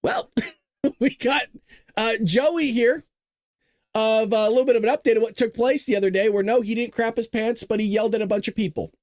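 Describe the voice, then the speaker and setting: A man hosting a live political commentary show, talking in an animated, sarcastic way with laughing asides. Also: very high-pitched, a little fast, no room sound, clean studio sound. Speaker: host.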